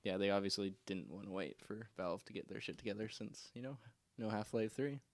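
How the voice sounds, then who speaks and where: A man's voice: fairly low pitch, fairly quick, no echo. A young man co-hosting a gaming podcast, explaining a news story with some hesitation. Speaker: co-host. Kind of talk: casual chat.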